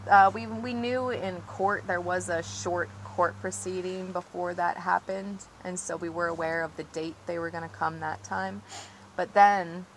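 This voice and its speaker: A woman's voice: fairly low pitch, steady tone, measured pace, a little hiss or hum, low-quality recording. A woman recounting events as an interviewee outdoors, earnest and agitated, with many fillers. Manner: earnest, agitated, frequent "like" and "you know". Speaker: interviewee, tree-sit protester. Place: outdoors on her property near trees.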